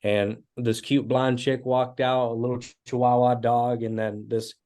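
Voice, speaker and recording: A man in his twenties, a guest musician, telling animated stories with casual fillers in an interview. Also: medium pitch, moderate pace. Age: 20s. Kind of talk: storytelling interview.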